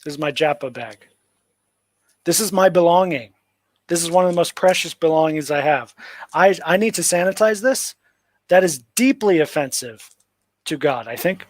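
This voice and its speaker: A man's voice: fairly high pitch, lively intonation, normal speed, a little mellow, no echo, low-quality recording. A man hosting a casual livestream, picking apart a notice with sarcastic, rambling commentary full of "like" fillers. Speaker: livestream host. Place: home livestream setup.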